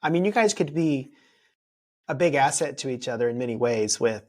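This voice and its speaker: Relaxed male podcast host. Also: medium pitch, normal speed. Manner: relaxed, asks short follow-up questions. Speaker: podcast host, life coach. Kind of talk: casual interview chat.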